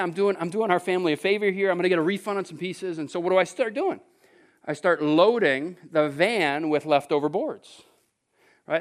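A man preaching a sermon, telling a story with lively asides to the congregation and sudden bursts of raised voice. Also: high voice. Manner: animated storytelling, rises to shouts; conversational asides to the audience. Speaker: pastor.

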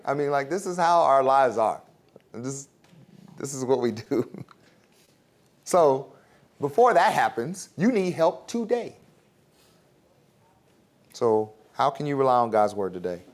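A man teaching a Bible class in a casual, conversational way, with chuckling asides, ending in prayer. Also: fairly low pitch.

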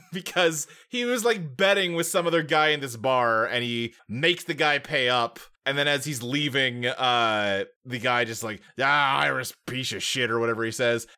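Bright-voiced man recapping a movie. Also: on the high side. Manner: retells scenes in detail, chuckling often. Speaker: podcast co-host. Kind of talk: casual movie recap chat.

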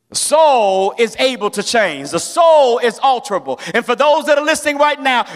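A man pastor preaching a sermon, rising to shouts at climaxes and dropping into casual storytelling asides. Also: very high voice, big-room sound.

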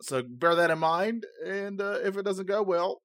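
A man's voice: sits high, steady tone, moderate pace, fairly bright tone, no echo, clean studio sound. A man co-hosting a podcast in casual chat, joking and laughing often, for whom English is not his first language. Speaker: podcast co-host. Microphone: new podcast microphone.

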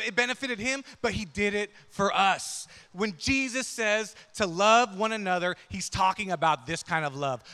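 A male pastor with a high, bright, forceful voice tells a story from the pulpit. He keeps it conversational, tossing "right?" and "yeah?" to the congregation. His words ring out with a long hall reverb. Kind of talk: sermon with personal storytelling.

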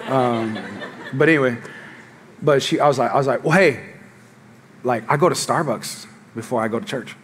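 A man's voice: medium pitch, a little fast, a little hiss or hum. A middle-aged male pastor preaching a sermon, telling jokes and stories and calling out to the congregation. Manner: animated, joking storytelling to the congregation.

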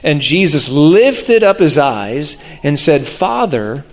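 A man's voice: on the high side, big pitch swings, slow. A man preaching a sermon, reading scripture aloud and breaking off for awed, reverent asides.

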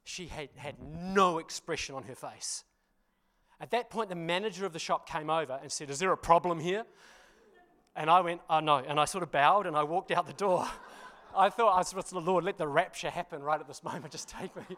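High-voiced New pastor telling stories. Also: male voice, normal speed. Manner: animated storytelling, self-deprecating, laughs often; addresses congregation with frequent "you know" and "hmm?". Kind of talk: storytelling sermon.

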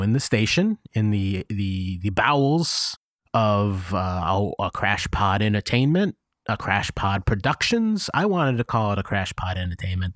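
A man co-hosting a comedy podcast talks in a low voice that swings widely in pitch. He rambles and restarts his sentences in mock-defensive banter. The sound is dry, with no room echo. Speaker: podcast co-host. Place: studio.

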